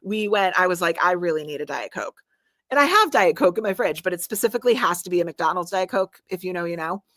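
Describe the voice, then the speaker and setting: A woman in her thirties hosting a casual live stream, chatty and animated with frequent laughs. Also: on the low side, quick pace, hardly any pauses, no echo, studio quality. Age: 30s. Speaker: livestream host.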